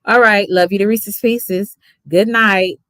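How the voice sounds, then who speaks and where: A woman's voice: medium pitch, fairly even intonation, takes it slowly, fairly bright tone, no echo, studio quality. A woman from Dallas with a Texas accent, sleepy and chatty, rambling as she thanks her livestream viewers by name. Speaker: YouTube reaction streamer. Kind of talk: casual livestream sign-off.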